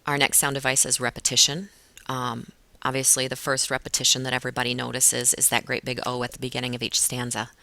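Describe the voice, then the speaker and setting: A woman teacher talking a class through a poem in a relaxed way, with frequent fillers. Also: extremely low pitch, quick pace, dry recording. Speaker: English teacher. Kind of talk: recorded classroom lesson walkthrough.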